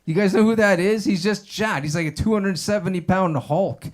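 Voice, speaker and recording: Guy doing standup at an open mic, kinda high voice, rambly and loose, says like a lot. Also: moderate pace. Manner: rambling, loose, lots of "like" and "man". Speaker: stand-up comedian. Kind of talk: stand-up comedy set. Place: stage at an open mic showroom.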